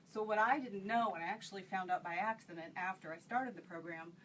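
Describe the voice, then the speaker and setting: A woman's voice: medium pitch, fairly quick. Earnest woman telling stories, heard from a distance. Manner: earnest, animated, with many fillers and restarts. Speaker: founder of a horse program for children of addicts. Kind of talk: interview storytelling. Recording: distant mic with faint background noise.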